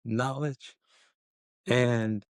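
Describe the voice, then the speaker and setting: A man co-hosting a podcast in casual chat, animated and playful, drawing out words for emphasis. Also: medium pitch, extremely slow, dry recording, clean studio sound. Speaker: podcast co-host.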